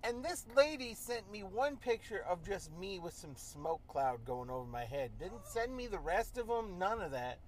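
A young man in casual chat, animated and swearing freely, peppering his talk with "like", recorded inside a car. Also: sits high, normal speed, few pauses, poor audio. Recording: car road noise behind.

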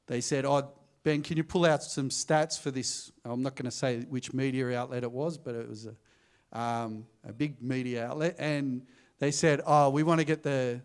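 Conversational preacher, slightly high. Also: male voice. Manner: conversational, asks the congregation for amens. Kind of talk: sermon with anecdotes. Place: church.

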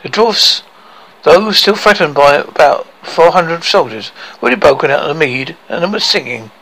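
A man making up a story as he tells it, halting and correcting himself. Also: fairly high pitch, animated, vocal fry, bright, forceful tone, poor audio. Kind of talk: improvised storytelling.

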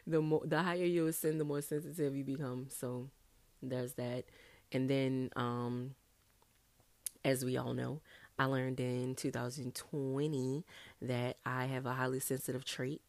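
A young woman hosting a casual solo podcast, chatty and animated, talking straight to her listeners. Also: extremely low pitch, moderate pace, creaky, no room sound. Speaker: podcast host.

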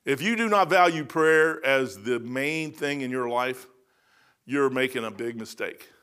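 A man in his sixties preaching a sermon, telling folksy stories and swinging between loud punchy lines and soft asides. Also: mid-range voice, unhurried, clear, resonant tone. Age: 60s.

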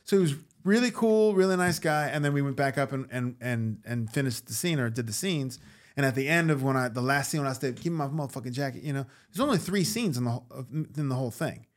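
A New York actor and comedian, speaking fast at medium pitch, tells a story as a guest in casual storytelling. He's animated, acting out the voices of the people in it and swearing freely.

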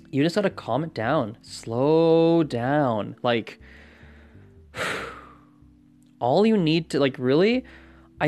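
A man talks through advice in a relaxed, unscripted way, circling back and correcting himself as he goes. His pitch sits in an ordinary middle range. Faint music plays under him. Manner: rambling, with many fillers and self-corrections; conversational, often asks "right?". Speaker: language-learning vlogger. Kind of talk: casual advice monologue.

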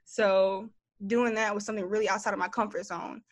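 Casting: young woman, mid-pitch, talkative storyteller, dry close recording. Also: brisk, dry recording. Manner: chatty, lots of "like", animated storytelling. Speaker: guest. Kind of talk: casual conversational interview.

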